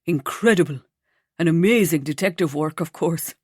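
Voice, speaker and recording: A woman voicing a soft-spoken young man, her tone dropped a little lower and kept relaxed and gently teasing. Close and dry, as in a storybook read in a booth. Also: moderate pace, slightly rough, no room sound. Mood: fond.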